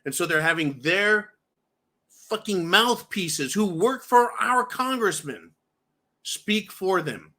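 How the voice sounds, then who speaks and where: Angry guy ranting on his show, swears a lot, bright edgy voice, kinda high. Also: expressive, takes it slowly. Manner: profane, furious, repeatedly addresses viewers as folks. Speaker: political commentary host. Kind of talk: angry political rant.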